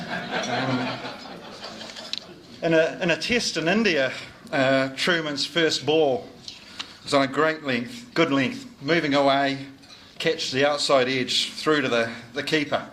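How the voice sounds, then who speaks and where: A man's voice: mid-range voice, slow pace, bright, forceful tone, a little hiss or hum. A middle-aged man, giving a jovial, teasing after-dinner speech as club sergeant at a lunch. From New Zealand. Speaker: club sergeant collecting fines. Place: dining room at a club lunch.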